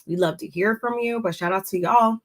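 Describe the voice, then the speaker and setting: A woman co-hosting a casual reality TV recap for live viewers, chatty and quick to laugh. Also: medium pitch.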